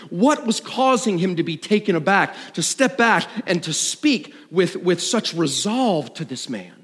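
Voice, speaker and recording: A middle-aged man preaching a sermon, swinging between loud and hushed. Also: high-pitched, breathy edge. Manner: animated, dramatic shifts between loud and hushed. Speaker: pastor. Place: church sanctuary. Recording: long reverb of a large hall.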